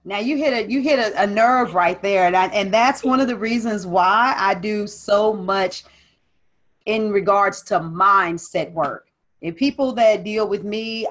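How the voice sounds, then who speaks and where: Casting: woman business coach, interview guest, emphatic and driving, mid-pitched voice. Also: unhurried, fairly bright tone. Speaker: personal development coach and business strategist. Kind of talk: casual interview conversation.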